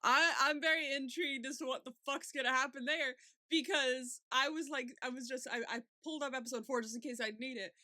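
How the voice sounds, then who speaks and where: A woman's voice: high-pitched, steady tone, fairly quick, sharp tone, no echo, studio quality. A woman co-hosting a casual podcast recap, swearing freely and laughing often. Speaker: podcast co-host.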